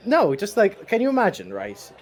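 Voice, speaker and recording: A young man co-hosting a casual podcast chat, giggly and excitable. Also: high-pitched, moderate pace, soft background music. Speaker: podcast co-host.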